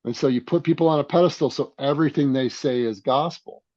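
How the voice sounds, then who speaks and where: A man coaching self-defense talks as a podcast guest. He lectures emphatically at a mid pitch and repeats lines to stress them. The sound is dry and close, with a slightly dull, lo-fi tone. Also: quick pace, darkish tone, no echo. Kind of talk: casual podcast conversation.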